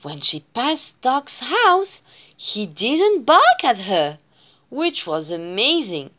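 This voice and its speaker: A woman's voice: fairly high pitch, big pitch swings, slow, fairly bright tone. A woman reading a children's picture book aloud in a sing-song storytelling way. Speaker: reader.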